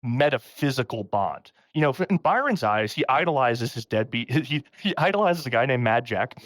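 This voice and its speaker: Medium in pitch and moderate in pace, this man's voice comes through a dry recording as he hosts a laid-back podcast. He recounts a story in an animated way, often laughing and performing quoted lines loudly.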